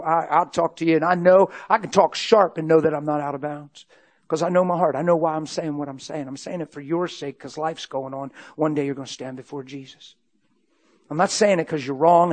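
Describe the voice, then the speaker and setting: A middle-aged man preaching a sermon, telling a story with acted-out dialogue, switching from loud to hushed. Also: a little high. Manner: animated, acts out dialogue, swings from loud to hushed.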